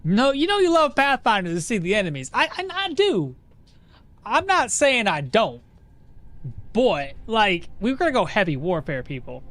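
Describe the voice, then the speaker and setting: Excitable streamer guy explaining his build to chat, higher-pitched voice. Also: moderate pace. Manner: chatty, excitable, talks to chat. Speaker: gaming streamer. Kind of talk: live gameplay commentary.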